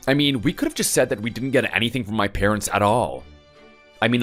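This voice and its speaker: A man voicing a reasonable young husband explaining things calmly. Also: on the low side. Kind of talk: texting-story voice acting.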